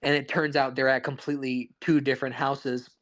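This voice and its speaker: A man's voice: mid-range voice, level tone, brisk, fairly bright tone. A man co-hosting a podcast, chatting casually about movies, rambling with frequent restarts. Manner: rambling, restarts often, laughs along. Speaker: podcast co-host. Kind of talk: casual film chat.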